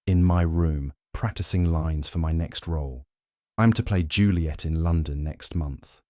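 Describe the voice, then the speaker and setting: A man's voice: a bass voice, a little slow, dark tone, dry recording, studio quality. A man voicing a tearful young actress in an audiobook, with a tremulous, wavering voice. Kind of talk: audiobook character voice.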